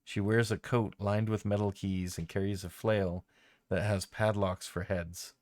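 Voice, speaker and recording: A man narrating a tabletop game as game master in a relaxed, somewhat hesitant way. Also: fairly low pitch, measured pace, dry recording, clean studio sound.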